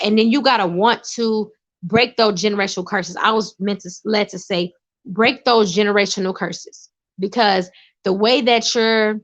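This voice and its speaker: A woman talks straight to the camera, emphatic and preachy, hammering her points home by repeating them. Her voice sits at an ordinary middle pitch. The recording is dull and lo-fi, with the highs rolled off. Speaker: vlogger sharing personal advice. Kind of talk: casual spoken monologue.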